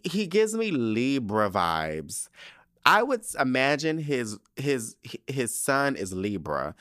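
Guy doing a podcast recap, kinda low voice, super animated and cussing a lot, dry close sound. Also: no echo. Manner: animated, profane, slangy, dramatic asides. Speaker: podcast host recapping a TV episode. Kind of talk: casual solo podcast recap.

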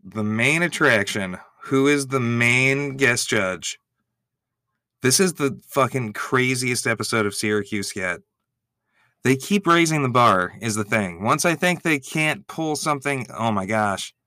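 A man giving excitable, gushing reaction commentary, swearing freely as he reacts. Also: mid-range voice, measured pace, no echo, clean studio sound.

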